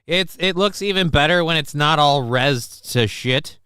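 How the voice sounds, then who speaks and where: A man's voice: fairly high pitch, measured pace, sharp tone, smooth, no room sound, clean studio sound. A man hosting a casual live-streamed talk show, rambling, chatting with viewers and reading news, wiped out and fuzzy. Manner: rambling, chats with viewers, reads news aloud. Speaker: show host.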